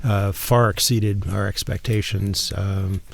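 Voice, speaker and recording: A man's voice: fairly low pitch, flat delivery, takes it slowly, vocal fry. An American man on a tour, joking and hesitant with fillers. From San Diego, California. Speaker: tour guest.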